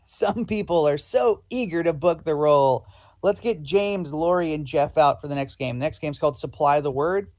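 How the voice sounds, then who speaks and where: A man's voice: fairly high pitch, normal speed, a little mellow. Man hosting a live improv show. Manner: polite, hesitant with many ums. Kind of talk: hosting live improv, playing a casting director.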